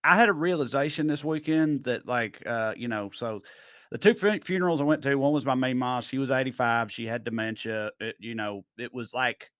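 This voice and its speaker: A man hosting a podcast, telling stories in a loose, rambling way with lots of fillers. His voice sits at an average pitch and sounds dry and close to the mic. He often trails off into quieter stretches. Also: moderate pace, smooth, no room sound. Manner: rambling, full of fillers, drops quiet mid-story. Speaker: podcast host. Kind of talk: casual chat, storytelling.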